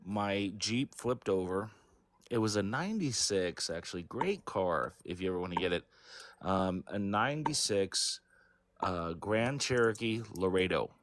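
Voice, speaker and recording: A man being interviewed, telling a personal story in a rambling, halting way, full of fillers and self-corrections. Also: on the low side, a bit bright, slight background noise. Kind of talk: casual storytelling.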